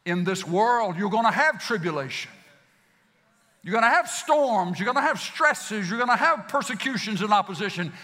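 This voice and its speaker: A man preaching a sermon, swinging between loud declarations and hushed passages, in a folksy manner. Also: sits high. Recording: long hall reverb.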